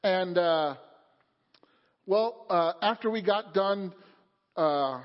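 High-voiced man preaching in an echoing hall. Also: drawn-out words. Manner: calm storytelling building to loud fervent preaching. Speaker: pastor. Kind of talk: sermon. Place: church sanctuary. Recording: muffled sound in a reverberant hall.

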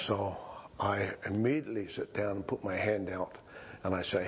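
A male pastor preaching a sermon in slow, conversational storytelling style with frequent restarts, in a dull lo-fi recording. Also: on the low side, steady tone, slight background noise.

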